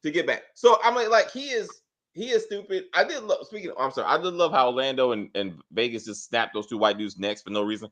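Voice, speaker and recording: A man co-hosting a casual spoiler review of a TV drama, talking in a blunt, animated way, cursing freely and restarting his sentences often. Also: medium pitch, fast. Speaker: TV show reviewer, co-host.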